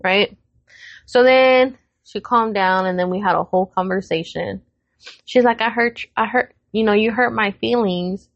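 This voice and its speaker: In a gravelly, mid-range voice and at a measured pace, a podcast co-host retells a fight at home during a casual storytelling chat. She jumps into everyone's voices and curses freely. The audio is muffled and lo-fi but close, with no room echo.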